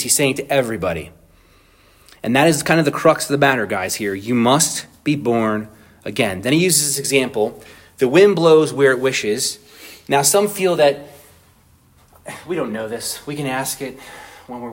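A man teaching an informal Bible study, conversational and asking his group questions. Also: mid-range voice.

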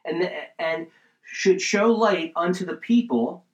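Animated male preacher in an echoey room. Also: high-pitched, measured pace, lo-fi sound. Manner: animated, preacherly, with asides and rising excitement. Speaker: pastor. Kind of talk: sermon, Bible teaching.

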